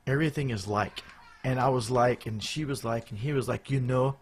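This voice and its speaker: A man's voice: medium pitch, brisk, slightly rough. A man co-hosting a live show, chatting casually in a rambling, jokey way with loose restarts. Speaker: podcast co-host.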